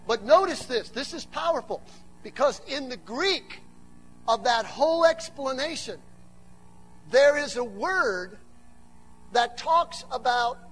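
A man preaching a sermon to a church, mixing humorous asides with animated build-ups that rise to shouts. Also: extremely high pitch.

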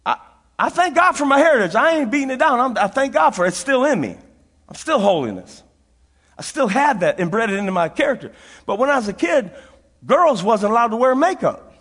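A man's voice: very high voice, a bit bright. A middle-aged man preaching a sermon as a pastor, telling folksy stories with frequent laughter and repeated phrases for emphasis. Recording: long reverb of a large hall.

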